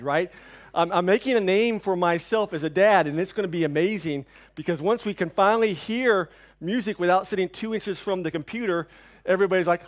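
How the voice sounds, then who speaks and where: A man preaching a sermon, telling a personal story with lively, animated delivery that drops to hushed, somber tones. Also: high-pitched, a little fast. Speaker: pastor.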